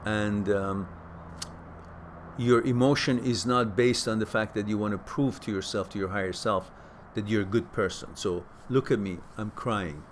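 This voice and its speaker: A man hosting a question-and-answer stream, giving casual spoken advice that turns animated as he stresses points and repeats words. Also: on the low side, normal speed, slight background noise. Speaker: host answering viewer questions.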